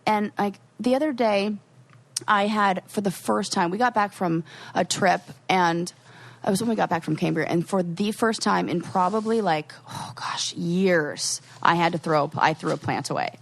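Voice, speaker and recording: A woman co-hosting a podcast, chatting casually and acting out what friends said in lively voices. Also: mid-range voice, moderate pace, vocal fry. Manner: animated, quotes people in lively put-on voices. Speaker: podcast co-host. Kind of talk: casual chat.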